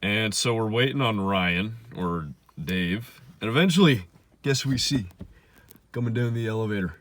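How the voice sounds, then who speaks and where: A young man casually telling a story on his vlog, animated and swinging between loud bursts and muttered asides. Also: fairly low pitch, moderate pace.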